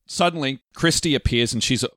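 A man's voice: medium pitch, a little fast, a bit bright, no echo. Brief: male co-host, casual talky delivery, dry close sound. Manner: rambling, restarts, laughs often. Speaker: podcast co-host. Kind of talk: casual chat predicting a film plot.

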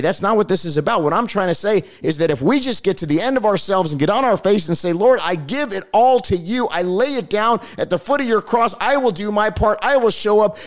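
A man hosting a Christian broadcast, preaching his commentary with passion and a repetitive cadence. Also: high-pitched. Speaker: host of a Christian commentary show.

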